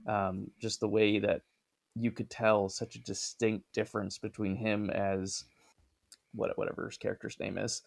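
Gravelly low-voiced man, rambling. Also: moderate pace. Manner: loose, rambling, relaxed. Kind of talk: casual chat.

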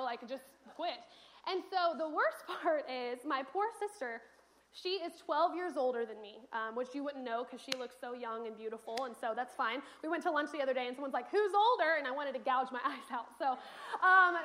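High-voiced woman preaching with animated storytelling. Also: brisk, slight background noise. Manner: animated storytelling, acts out quotes. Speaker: speaker giving a church message. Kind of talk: sermon.

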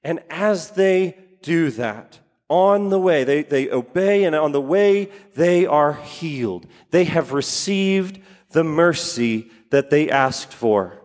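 A man's voice: fairly high pitch, animated, slow, darkish tone, in a large hall. A man preaching a sermon, repeating key phrases for emphasis and putting questions to his congregation. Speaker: pastor.

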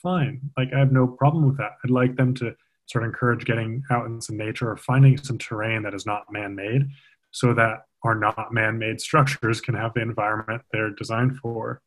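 A man's voice: medium pitch, steady tone, normal speed, rough recording. A man who coaches athletes, explaining movement in an earnest, emphatic conversational way. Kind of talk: casual podcast conversation.

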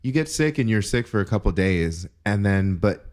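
A young man with a fairly low voice co-hosts a relaxed podcast chat. He jokes around and tells stories in a playful, animated way. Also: normal speed. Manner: playful, joking, animated storyteller. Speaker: podcast co-host. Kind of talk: casual chat.

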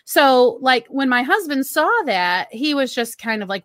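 A bright, fairly high-voiced woman in casual conversation. She tells stories with animation and laughs easily. Her voice sounds dry and close to the mic. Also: no echo. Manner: animated storyteller, quick laughs. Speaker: co-host. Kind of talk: casual chat on a live-streamed show.

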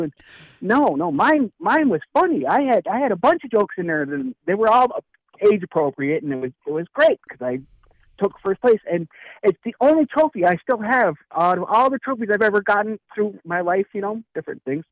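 A man and author telling a story in casual chat, acting out the lines of the people in it with lively energy. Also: high-pitched, a little fast, no echo, low-quality recording. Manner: animated, acts out dialogue in story. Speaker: guest speaker and author.

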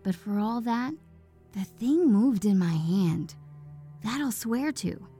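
A woman reading the part of an elderly husband, speaking slowly and firmly. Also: medium pitch, expressive, mellow, faint music behind. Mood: insistent. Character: elderly husband, stubborn then dazed.

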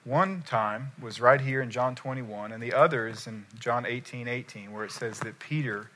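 Bright-voiced male preacher. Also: medium pitch, moderate pace. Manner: animated storytelling, acting out quoted voices. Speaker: pastor. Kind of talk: sermon.

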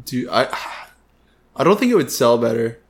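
A man's voice: mid-range voice, big pitch swings, normal speed. A young American man co-hosting a casual podcast, laughing a lot and swearing freely. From United States. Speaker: podcast co-host. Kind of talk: casual chat.

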